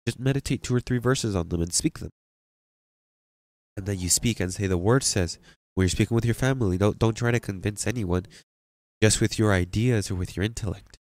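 A man's voice: lowish voice, brisk, darkish tone, no echo. A man preaching a sermon as pastor, emphatic and questioning his congregation.

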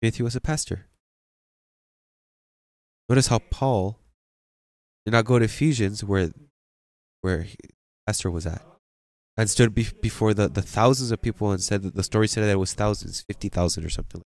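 A man's voice: lowish voice, normal speed, pauses often, darkish tone, no room sound. A man preaching a sermon as pastor, emphatic and questioning his congregation.

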